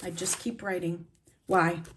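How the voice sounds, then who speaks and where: A woman's voice: medium pitch, measured pace, a little hiss or hum. Woman planner vlogger, raw and blunt, shaken, heartfelt talk to camera, mid-range voice. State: shaken and emotional. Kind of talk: emotional journaling talk to camera.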